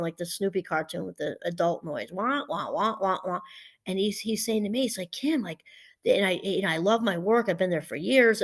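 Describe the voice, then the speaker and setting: A woman professor giving a casual, chatty talk. She wanders off topic, restarts her sentences often and laughs easily. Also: on the low side. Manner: chatty and digressive, with frequent restarts. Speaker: professor and podcast host. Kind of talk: casual teaching monologue.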